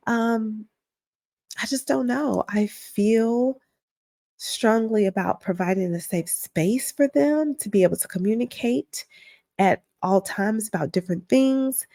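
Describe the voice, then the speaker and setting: A woman's voice: a little high, lively intonation, slow, warm tone, no echo, studio quality. A middle-aged woman hosting her own podcast, talking candidly and reflectively in a casual, conversational way. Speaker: podcast host. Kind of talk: casual solo podcast talk.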